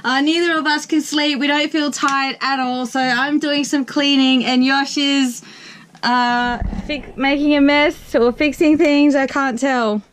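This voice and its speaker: A young woman chatting casually to the camera as a sailing vlogger, relaxed and a little hesitant. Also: high voice, measured pace. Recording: camera clip with clear background noise.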